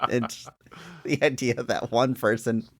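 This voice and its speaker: A man's voice: mid-range voice, unhurried, no echo. A man co-hosting a podcast, casually and animatedly retelling scenes from a comedy film and acting out the lines. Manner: animated retelling of scenes, acts out quotes with laughs. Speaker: podcast co-host. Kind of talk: casual movie-review chat.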